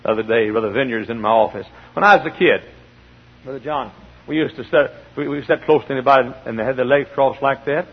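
A man preaching a sermon, telling stories with animation and building to shouts. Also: mid-range voice, quick pace, breathy edge. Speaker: pastor. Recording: dull lo-fi archival sermon tape.

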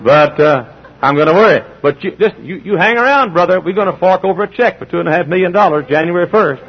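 Man, middle-aged, emphatic preaching, husky voice, dull lo-fi recording. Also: on the high side, fast. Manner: emphatic preaching with repetitions, acting out dialogue. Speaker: pastor. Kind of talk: sermon.

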